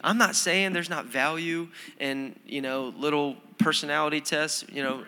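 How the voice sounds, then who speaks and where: Bright-voiced pastor preaching in a reverberant hall. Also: male voice, fairly high pitch, fairly even intonation, moderate pace, clear, resonant tone, soft background music. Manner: conversational, self-deprecating humor with frequent fillers and restarts. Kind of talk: sermon.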